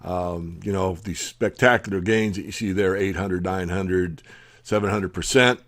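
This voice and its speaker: A man's voice: sits low, fairly even intonation, a little slow, a bit bright. A man hosting a newsletter video, reading news headlines aloud and adding his own opinionated asides. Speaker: newsletter host.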